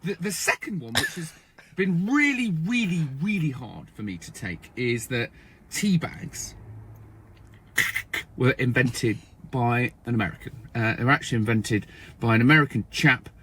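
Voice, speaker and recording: A man's voice: medium pitch, big pitch swings, unhurried, fairly bright tone, slight background noise. A man from England with an English accent, ranting in a comic, exasperated way, with lots of swearing and stammering restarts. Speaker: TikTok creator. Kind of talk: comic rant to camera.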